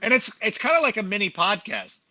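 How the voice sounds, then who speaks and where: Middle-aged male guest, lively pitch, rambling storyteller, crisp bright tone. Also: brisk. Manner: rambling, self-deprecating storyteller with many fillers. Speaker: podcast guest, fantasy football analyst. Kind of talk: casual chat.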